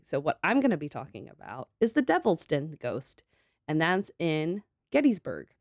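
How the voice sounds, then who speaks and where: A woman co-hosting a podcast in a casual, chatty way, quick to laugh and to swear. Her voice sits low, and the sound is dry and close to the mic. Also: huge pitch swings, no room sound. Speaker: podcast co-host. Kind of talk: casual chat.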